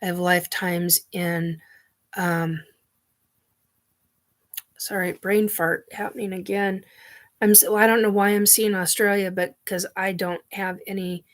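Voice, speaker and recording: A woman hosting her own show, talking in a halting, earnest way as she searches for words. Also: mid-range voice, little pitch movement. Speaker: show host. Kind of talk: personal monologue.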